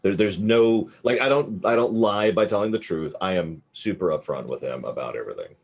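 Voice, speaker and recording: A man playing a tabletop game who chats in an animated, self-mocking way. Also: sits low, fairly quick, gravelly. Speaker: player. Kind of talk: casual tabletop game chat.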